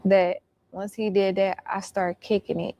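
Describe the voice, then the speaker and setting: A woman's voice: mid-range voice, little pitch movement, a little slow, mellow, highs cut off. A woman recounting events in casual storytelling, blunt and profane.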